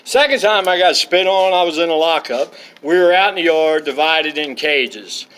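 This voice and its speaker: A man's voice: fairly high pitch, lively intonation, moderate pace, fairly bright tone, smooth. Profane, rambling man with a raised voice. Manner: profane, digressive, blunt. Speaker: storyteller. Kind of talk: rambling personal anecdotes.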